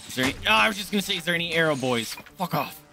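A man streaming a game, chatting casually and shouting and swearing at enemies, with game music behind. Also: on the high side, racing, creaky. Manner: excitable, yelling and swearing at enemies. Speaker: gaming streamer. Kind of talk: casual let's-play commentary.

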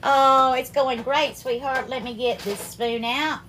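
A woman hosting a live cooking stream, warmly greeting viewers by name and calling them darling and sweetheart. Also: high voice, fairly even intonation, a little slow, slight background noise. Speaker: cooking livestream host.

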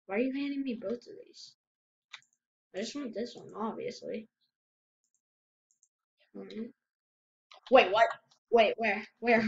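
Excitable high-voiced woman gamer, lo-fi. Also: takes it slowly, creaky, long pauses, slight background noise. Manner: excitable, exclaims and repeats herself. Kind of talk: casual gameplay commentary. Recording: dull lo-fi home mic.

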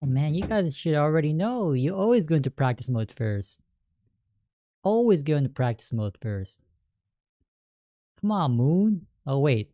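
A woman streamer chatting through a fighting game, calm between rounds and bursting into excited yelps mid-fight. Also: low-pitched, unhurried, pauses often, dry recording. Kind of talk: live gameplay commentary.

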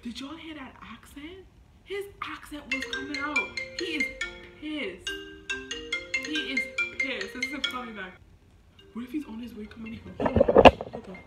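A woman's voice: high-pitched, normal speed, over loud music. A woman talking casually in a prank vlog at home, giggly and playfully defensive. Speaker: vlogger. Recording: roomy, from a distance off the mic.

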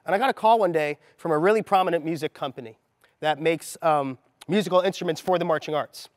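A man in his thirties giving a motivational talk to a group as a mindset coach, telling a story with animated energy and acting out the lines he quotes. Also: a little high, fast, studio quality. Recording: long hall reverb.

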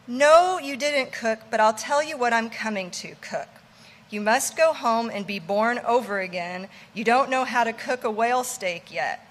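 A woman voicing a brash male ship's mate who teases and commands loudly. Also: on the high side, normal speed, big-room sound, natural voice. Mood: bossy teasing. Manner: loud, teasing, commanding.

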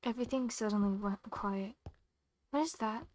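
A woman's voice: mid-range voice, moderate pace, darkish tone, a little hiss or hum, rough recording. A young woman giving nervous horror game commentary, talking to herself in short anxious questions. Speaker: gamer.

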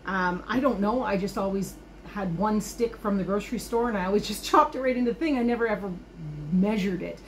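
A woman's voice: mid-range voice, fairly quick, slight background noise. A woman chatting enthusiastically as she tours her garden and explains a recipe while she works. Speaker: homesteading vlogger. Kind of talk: casual cooking and garden vlog. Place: garden outdoors, then kitchen.

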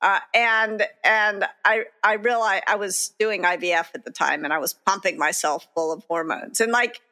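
Woman podcast cohost, bright voice, candid and chatty, laughs at herself a bit. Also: mid-range voice, moderate pace. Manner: candid, self-deprecating, laughs while telling stories. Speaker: podcast co-host. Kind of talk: reflective conversational storytelling.

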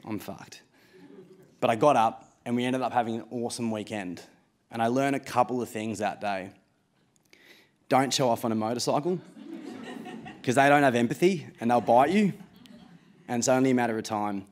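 A man's voice: medium pitch, normal speed, long pauses. A man in his late twenties with an Australian accent, telling a true story live on stage in a casual, self-mocking way, with swearing and laughs.

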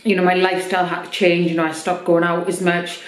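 Woman vlogger, low-ish voice, candid filler-heavy chat, slightly scratchy throat, roomy echo. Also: monotone, quick pace. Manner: open, chatty, many fillers. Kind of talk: personal vlog chat. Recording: echoey room.

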